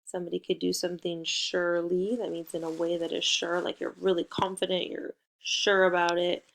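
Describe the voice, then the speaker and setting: A woman teaching a recorded phonics lesson for young children. She spells letters out slowly and leads a playful call-and-response. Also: fairly low pitch, little pitch movement, creaky.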